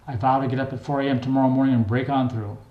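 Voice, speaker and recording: An older man reads his own memoir aloud in a plain, wry, unhurried way. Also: medium pitch, steady tone, muffled recording. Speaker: memoir reader. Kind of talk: memoir narration. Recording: echoey room.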